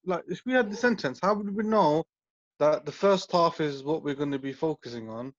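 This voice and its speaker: A man's voice: a little high, lively intonation, a little fast, no echo. A man asking questions in class as a student, stumbling and restarting. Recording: dry, dull lo-fi audio.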